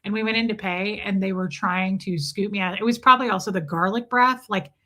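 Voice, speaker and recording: A woman's voice: mid-range voice, fairly even intonation, brisk, pushed and bright. A young woman hosting a casual livestream, telling a rambling, joking story and swearing freely. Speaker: livestream host. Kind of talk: casual streaming chat.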